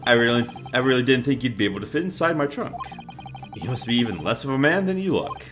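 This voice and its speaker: A man's voice: medium pitch, fast talker, over music, lightly acted. A man doing a cool, teasing young man. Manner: calm, dry teasing.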